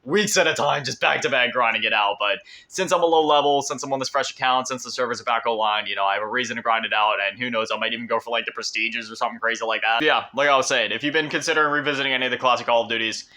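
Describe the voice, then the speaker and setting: Young male gaming YouTuber, bright tone, emotional and chatty over gameplay. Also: mid-range voice, rapid-fire, few pauses. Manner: excitable, emotional, rambling with restarts. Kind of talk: casual gameplay commentary.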